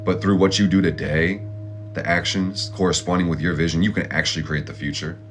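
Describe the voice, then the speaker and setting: A man with a low voice and fairly even intonation speaks briskly, with faint music behind him. He hosts an astrology and tarot channel, giving a casual, motivational tarot reading. His style is blunt, profane, and slangy, like a pep talk.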